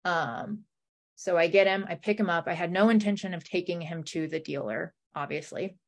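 A young woman appearing as a guest in a conversation tells a personal story with a lot of emotion, using many "like" fillers and acting out what people said. Her voice is on the low side and her pace is moderate.

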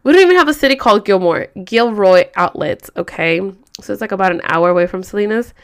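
Cali woman on her podcast just rambling thru a story, swears a lot, says like every other word, smooth clear voice. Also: medium pitch, animated, fast talker. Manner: rambling, profane, heavy on fillers like "like". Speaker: podcast host. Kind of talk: casual storytelling.

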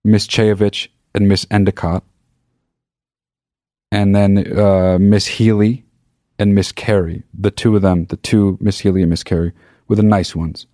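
A man with a fairly low voice tells a comedic story, swearing freely and stopping to correct himself as he goes. His tone is sarcastic and self-mocking. The sound is dry and close. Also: level tone, a little slow, dark tone, dry recording. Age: adult. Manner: profane, sarcastic, rambling with self-interruptions.

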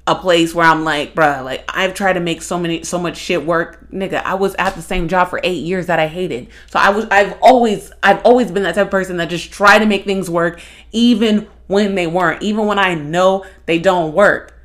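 A young woman hosting a podcast, talking in a blunt, profane, animated monologue. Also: fairly low pitch, moderate pace. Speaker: podcast host. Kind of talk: casual monologue.

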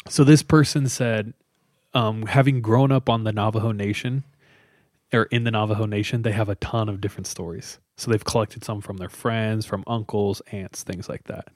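This man's voice sits on the low side with a darkish tone and fairly even intonation at normal speed. Chatting loosely with friends, he retells a scary story packed with fillers, in a dry recording with clean studio sound.

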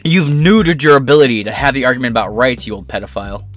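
A man's voice: medium pitch, quick pace, soft background music. A man ranting in a reaction commentary, profane, sarcastic and combative. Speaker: political commentator.

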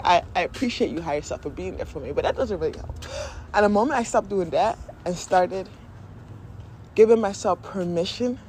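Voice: medium pitch, darkish tone, a little hiss or hum. A podcast host talking candidly and emotionally in a casual spiritual monologue, often laughing and acting out inner voices.

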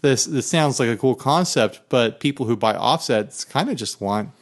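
A man's voice: medium pitch, lively intonation, normal speed. A man co-hosting a casual guitar podcast, laid-back and chuckling as he talks. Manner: laid-back, laughs while talking. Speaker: podcast co-host. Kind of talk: casual chat about guitars.

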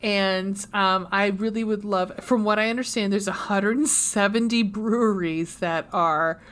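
A woman co-hosting a podcast, talking casually with many pauses and fillers. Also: mid-range voice, steady tone, a bit bright. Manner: hesitant, many ums, tearful at times. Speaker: podcast co-host.

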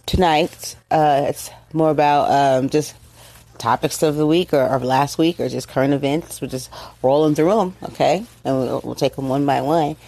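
Tearful low-voiced woman host. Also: darkish tone. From United States. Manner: emotional, halting, many fillers and restarts. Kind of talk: casual monologue on current events.

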